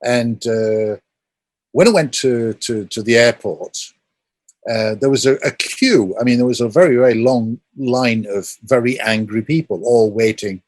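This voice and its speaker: A man's voice: medium pitch, unhurried, dry recording. A man talking as an interview guest, thoughtful and explaining his ideas at length with stories. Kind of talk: reflective conversational talk.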